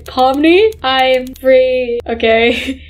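A woman hosting a gaming channel, playing and reacting to a game, excitable, squealing and laughing when scared and reading on-screen text aloud. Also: sits high, extremely slow, a little hiss or hum. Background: faint background music.

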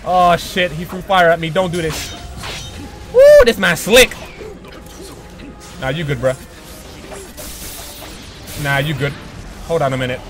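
A young man commentating his own online match with excitable, profane trash talk. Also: on the high side, moderate pace, pauses often, over music. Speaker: gaming channel host. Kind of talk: live gameplay commentary.

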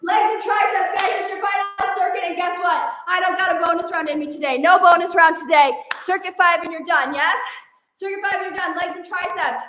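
A high-pitched woman with a Minnesotan accent coaches a workout, upbeat and encouraging, counting down each set while she exercises. Her voice sounds distant, with a strong echo around it. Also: fairly even intonation, brisk, bright, forceful tone. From Minnesota, USA. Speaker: fitness instructor.

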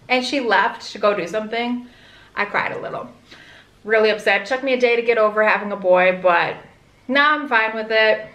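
A woman's voice: a little high, fairly quick, fairly bright tone. A young pregnant woman vlogging casually, rambling candidly with lots of "like". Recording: echoey room.

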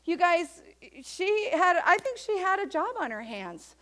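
Woman, pastor, sermon, high voice, animated, acts out voices, church. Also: unhurried. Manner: animated, acts out quoted voices of Mary and others.

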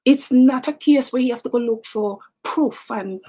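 A woman's voice: fairly high pitch, moderate pace, dark tone. A middle-aged woman with a Jamaican accent hosting a talk show, chatting and teasing in a casual monologue that mixes in patois and repeats words.

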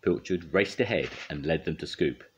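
An older man reading a children's storybook aloud in a gentle, expressive way. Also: a bass voice, normal speed, slight background noise.

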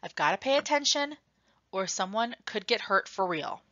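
A woman reading aloud, voicing an older teenage boy gunman who stays calm and gives firm orders. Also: medium pitch, moderate pace, no echo, dull audio.

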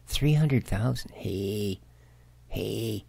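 A middle-aged Canadian man with a Canadian accent, chatting casually and joking at himself as he plays a farming game, now and then dropping to soft mutters. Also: lowish voice, very slow, gravelly, husky, no echo. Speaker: gaming video host. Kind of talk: casual let's-play commentary.

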